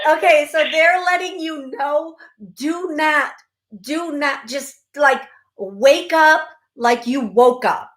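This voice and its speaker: Effusive psychic host, high voice. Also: female voice, slow, a bit bright. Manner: effusive, emphatic, repeats phrases. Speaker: psychic medium radio show host. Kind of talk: call-in psychic reading.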